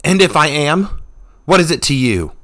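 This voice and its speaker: A man's voice: fairly high pitch, very animated, moderate pace, a bit bright, pitched above the performer's own voice. A man shrieking as an enraged young berserker woman. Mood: defiant. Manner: screaming, snapping, hostile. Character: furious young female berserker warrior.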